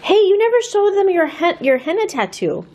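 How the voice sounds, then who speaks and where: A woman's voice: very high voice, sing-song, moderate pace, darkish tone, low-quality recording. A woman in her thirties, a family vlogger, chatting casually and upbeat to a handheld camera and laughing often. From United States.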